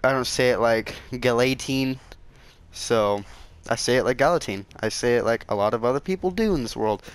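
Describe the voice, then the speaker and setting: A man talks casually to his gaming channel audience in a smooth, resonant voice of middling pitch. He sounds defensive and keeps circling back over the same point. He stutters and restarts his sentences often. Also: brisk. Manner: defensive, repeats himself, stutters. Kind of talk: casual rambling to camera. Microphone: console game capture.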